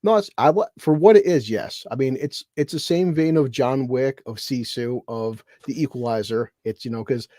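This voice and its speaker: A man chatting as co-host on a live stream, animated, swearing freely and restarting his sentences. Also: mid-range voice, normal speed, few pauses, no room sound, studio quality. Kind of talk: casual chat on a live stream. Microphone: video call.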